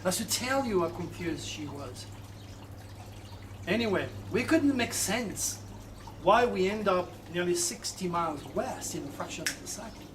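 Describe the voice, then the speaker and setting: A man telling a personal story in an animated way, with halting restarts. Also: high voice, far from the mic, background noise. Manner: animated, acts out quoted voices, halting restarts. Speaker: astrologer telling his own story.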